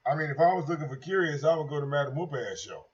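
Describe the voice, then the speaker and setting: Brash, profane livestream host, high voice. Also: male voice, lively intonation, fast talker. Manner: brash, profane, repetitive, mocking. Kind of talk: casual livestream rant. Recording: dull lo-fi stream audio.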